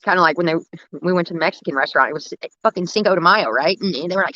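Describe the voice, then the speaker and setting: A woman's voice: lowish voice, rapid-fire, bright, forceful tone, dry recording, highs cut off. A young woman chatting on a livestream, telling rambling, profane stories about her dad. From United States. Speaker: livestream host. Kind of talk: casual storytelling.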